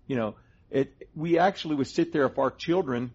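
A man's voice: medium pitch, moderate pace, husky. A middle-aged man co-hosting a Christian teaching talk, earnestly explaining doctrine step by step. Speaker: co-host of a Christian teaching show. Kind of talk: conversational Bible teaching. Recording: dull lo-fi sound.

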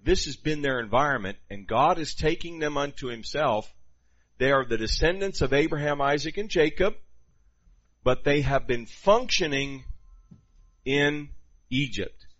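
Animated man preaching a sermon. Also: on the high side, a little slow, highs cut off. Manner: animated, conversational preaching with quoted asides.

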